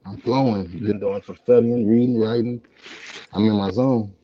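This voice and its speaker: A man's voice: on the low side, steady tone, normal speed, slight background noise. A man speaking as a podcast guest in casual chat, laid-back and reflective. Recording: dull lo-fi audio.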